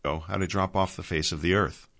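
A gentle old man speaking in steady, earnest tones, as a male reader plays him. The voice stays deep and low, close to the reader's own. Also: fairly quick, gravelly. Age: older.

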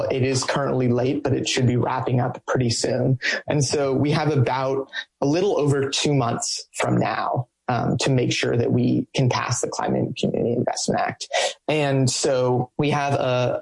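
Creaky, husky man organizer, halting. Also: medium pitch, darkish tone, poor audio. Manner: halting, lots of um and restarts. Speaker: climate coalition organizer. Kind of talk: interview answers.

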